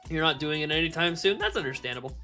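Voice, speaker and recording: A young male streamer talks casually to his chat in a bright, forceful voice, animated and quick to laugh and swear. Faint music plays underneath. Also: on the high side.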